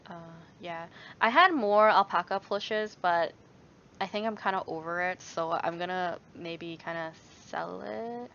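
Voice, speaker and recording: A woman's voice: on the low side, measured pace, a bit bright, slight background noise. A young woman answers viewer questions in a loose, casual vlog chat. She rambles, restarts her sentences and laughs easily. The recording sounds a little dull and lo-fi. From Canada. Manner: rambling, many fillers and restarts, laughs often.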